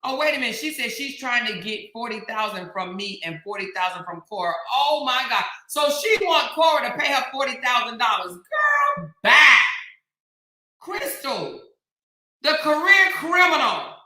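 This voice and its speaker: A woman's voice: fairly high pitch, animated, normal speed, hardly any pauses, pushed and bright. An American woman hosting a casual commentary vlog, sassy and emphatic, speaking straight to the people she talks about. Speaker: commentary vlogger host. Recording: echoey room.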